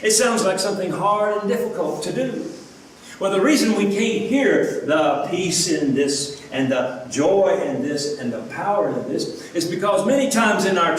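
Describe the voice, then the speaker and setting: A man preaching a sermon as pastor, earnest, asking his listeners rhetorical questions. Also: high voice. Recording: echoey room, from a distance, faint background noise.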